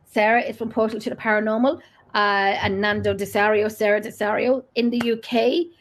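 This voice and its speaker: A woman's voice: medium pitch, steady tone, a little fast, rough recording. A woman hosting a live paranormal talk show, chatty and teasing, laughing often. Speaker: host.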